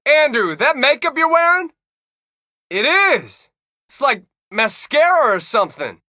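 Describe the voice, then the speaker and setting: Wisecracking young racer, video game, deadpan jabs, very high bright voice. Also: male voice, unhurried, dry recording, exaggerated voice. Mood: sarcastic. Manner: dry sarcastic comebacks.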